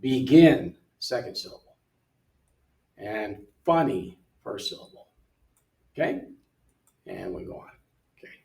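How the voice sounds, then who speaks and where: A man's voice: on the low side, unhurried, creaky, pauses often, distant mic. Older man reading lesson words aloud, roomy. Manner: relaxed, thinking aloud, reads words off the screen. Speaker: missionary English tutor. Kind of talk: casual walkthrough of an app lesson. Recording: roomy sound from away from the mic.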